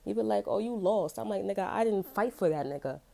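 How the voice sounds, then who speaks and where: A woman's voice: mid-range voice, expressive, fast, vocal fry, dark tone, a little hiss or hum. A woman giving a casual tarot reading, telling personal stories in loose slang and laughing often. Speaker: tarot reader.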